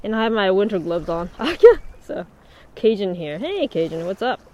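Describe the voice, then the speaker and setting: Speaking at a moderate pace with a medium pitch that swings widely and a slightly mellow quality, a livestreamer hangs out on a winter beach. There's lots of laughter and casual replies to viewer comments, recorded through a mic worn under a hood amid the wind.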